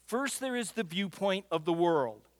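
A man's voice: high-pitched, animated, unhurried. A man preaching a sermon, telling stories with a folksy storyteller's manner and often repeating the first word of a phrase. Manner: storytelling, builds loud for punchlines; repeats words when starting phrases. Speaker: pastor. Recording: long hall reverb.

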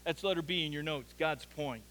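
A man's voice: fairly high pitch, normal speed, fairly bright tone, poor audio. A man preaching an earnest sermon as a pastor, building to emphatic peaks.

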